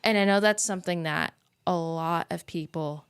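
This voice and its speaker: A woman hosting a podcast, asking gentle and empathetic questions. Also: lowish voice, moderate pace, clean tone. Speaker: podcast host. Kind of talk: interviewing.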